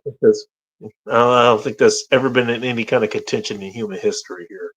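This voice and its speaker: A man's voice: medium pitch, quick pace, fairly bright tone, breathy edge, dull audio. A man from the United States hosting a casual chat, rambling and joking with many restarts. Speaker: host.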